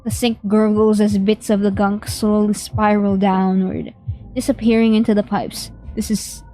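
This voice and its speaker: A woman's voice: medium pitch, little pitch movement, normal speed, dark tone, soft background music, poor audio. A young woman streamer reading a horror game aloud in vivid, dramatic narration. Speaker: gaming streamer.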